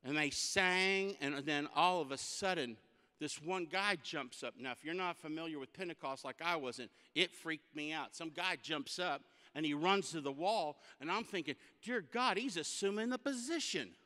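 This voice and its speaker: Bright, high-voiced comic preacher. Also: male voice, moderate pace, clean tone. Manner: animated, comic storyteller. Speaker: guest speaker. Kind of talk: humorous sermon storytelling. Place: church sanctuary. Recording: long church hall reverb.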